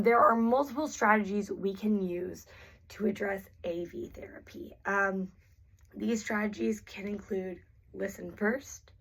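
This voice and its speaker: A woman teaching therapy strategies in a clear, patient way, often starting sentences with an um. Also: medium pitch. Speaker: therapy instructor. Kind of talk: instructional explanation.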